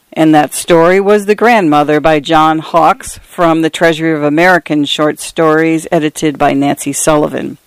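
A woman narrating short stories as a radio reader, in a measured, clear, even delivery. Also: low voice, no echo.

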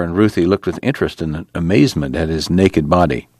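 A man narrating an audiobook in a measured, steady storytelling manner. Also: low-pitched, dry recording.

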